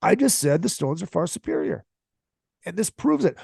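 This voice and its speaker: In a casual solo podcast rant, a male host swears heavily and pushes strong opinions with emphasis. His high-pitched voice is gravelly, mellow and husky with big pitch swings at a moderate pace, recorded in studio quality with no echo.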